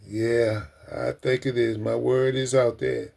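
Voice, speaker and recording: A man hosting a casual livestream, talking earnestly and emotionally to his viewers, often repeating himself and addressing them as ladies and gentlemen. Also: mid-range voice, steady tone, takes it slowly, gravelly. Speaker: livestream host.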